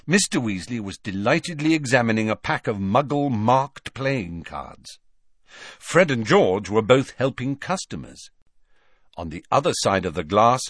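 A man narrating a storybook in a low voice that rises and falls with lively expression. The reading is scripted and polished, recorded close and dry with no room sound. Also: no echo. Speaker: audiobook narrator.

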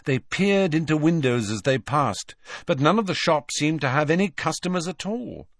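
Narrating an audiobook, this man uses a measured and expressive storytelling style. He sounds a little high, and the recording is dry and studio quality.

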